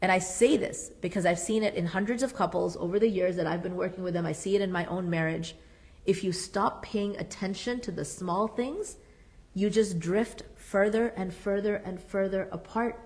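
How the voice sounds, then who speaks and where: Woman therapist, workshop speaker, emphatic and animated, mid-range voice. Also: mid-range voice, moderate pace. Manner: earnest, emphatic, repeats key phrases. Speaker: psychotherapist leading a marriage workshop. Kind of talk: workshop talk.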